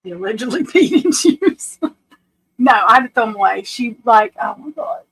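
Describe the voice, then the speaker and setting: Casual live-stream host: a woman with a high voice who rambles, laughs a lot and scolds her dog. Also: expressive, normal speed, a bit bright, husky, poor audio.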